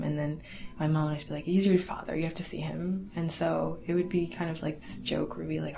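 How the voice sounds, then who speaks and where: A young woman telling a personal family story in a casual, halting way, full of "like" and "you know.". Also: deep voice, fairly even intonation, creaky, warm tone. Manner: casual, halting, lots of fillers and restarts; laughs wryly through awkward memories. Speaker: interviewee.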